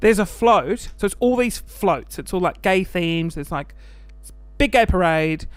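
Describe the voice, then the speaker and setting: The recording is dry, and the man's high voice is smooth. He's an Australian podcast host in a casual, animated chat, camp in style, laughing and firing off quick mock voices.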